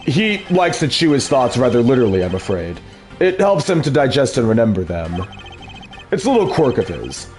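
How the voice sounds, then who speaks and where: Man playing a courteous formal attorney, polite, measured, very expressive pitch. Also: soft background music, close to an everyday voice. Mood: composed. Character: calm, courteous male defense attorney.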